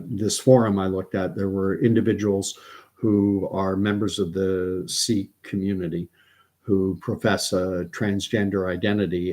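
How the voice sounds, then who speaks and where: A man's voice: low voice, darkish tone. Canadian man hosting a late-night livestream. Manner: unhurried, reads aloud with many fillers and restarts. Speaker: channel host. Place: at home with his dog.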